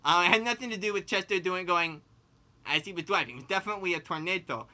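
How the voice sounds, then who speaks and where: Someone voicing a very bright lisping pig. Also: medium pitch, fast talker, lightly acted. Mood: rambling. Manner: rambling, full of "like" and "you know"; laughs mid-sentence. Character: rambling cartoonish pig storyteller. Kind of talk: improvised comedic storytelling.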